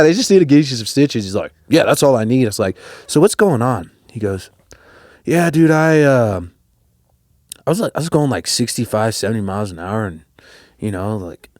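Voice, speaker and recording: A young man from Colorado, a podcast guest telling a story casually, with lots of fillers and restarts, his voice jumping up when he gets excited. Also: mid-range voice, no echo, clean studio sound. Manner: rambling, many fillers and restarts, rises sharply when excited.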